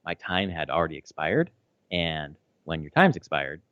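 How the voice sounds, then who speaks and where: A man's voice: a bass voice, big pitch swings, moderate pace, a bit bright, no room sound. A man in his thirties chatting casually as a podcast co-host, rambling with lots of fillers and restarts and swearing freely. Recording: slightly dull, dry audio.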